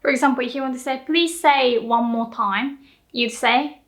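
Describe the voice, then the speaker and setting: A young woman with a Japanese accent, teaching Japanese in a casual lesson, slowly repeating example phrases. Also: high-pitched, a bit bright.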